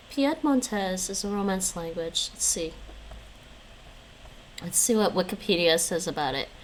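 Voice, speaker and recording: A woman live-streaming in a casual, chatty way, thinking aloud and reading passages aloud while her voice is going hoarse. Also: lowish voice, animated, unhurried, long pauses, slight background noise, poor audio. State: losing her voice, coughing.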